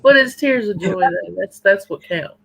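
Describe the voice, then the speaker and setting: A woman's voice: mid-range voice, lively intonation, moderate pace, vocal fry, a bit bright, slight background noise. A woman in casual chat, folksy and plain-spoken. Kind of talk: casual live-stream chat.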